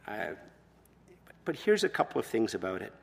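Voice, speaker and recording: A man preaching a sermon as pastor, expressive, moving between quiet, soft passages and loud emphatic ones. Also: on the low side, moderate pace, gravelly, in a large hall.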